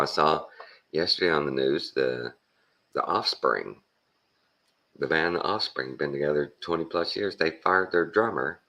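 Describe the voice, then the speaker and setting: A man's voice: very deep voice, a bit bright. A man from Texas, rambling through a casual monologue and acting out conversations. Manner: rambling storyteller, acts out conversations. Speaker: vlogger.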